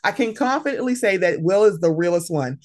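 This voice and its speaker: A woman from West Philadelphia hosting a podcast, chatting casually, frank and swearing freely, jumping high in pitch when she quotes herself. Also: fairly quick. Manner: animated, swoops high when quoting herself. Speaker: podcast host. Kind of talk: casual chat.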